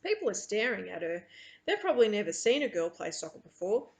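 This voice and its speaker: A woman's voice: medium pitch, big pitch swings, fairly quick, a little mellow. A woman teacher reading a novel aloud to her students, with chatty asides between passages.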